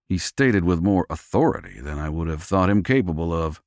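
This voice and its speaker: A man's voice: low voice, lively intonation, brisk, a little mellow, no room sound, studio quality. A man reading a first-person romance audiobook with a gritty, tough-guy delivery. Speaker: audiobook narrator.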